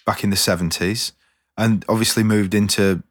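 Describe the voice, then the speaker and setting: A man's voice: on the low side, steady tone, moderate pace. A man hosting a podcast in a casual, jokey, rambling way, sometimes poking fun at himself. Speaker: podcast host.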